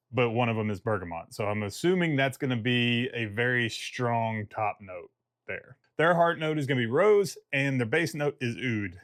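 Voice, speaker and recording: A man's voice: lowish voice, a bit bright, no echo, clean studio sound. A man giving a casual fragrance review vlog. He talks in a chatty, rambling way and jokes at his own expense.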